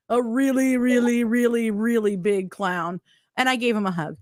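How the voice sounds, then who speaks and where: A woman's voice: a little high, fairly even intonation, moderate pace, no echo. A woman hosting a podcast, joking crudely and giggling in casual chat. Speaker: host.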